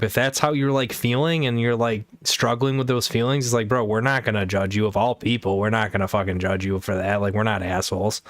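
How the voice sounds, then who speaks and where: A man chats loosely on a livestream, peppering his stories with slang, swearing and bursts of laughter. His voice sits at an ordinary pitch. The sound is dry and close, with no room echo. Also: fairly bright tone. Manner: slangy, profane storytelling with frequent laughter. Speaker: livestream host. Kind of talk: casual chat.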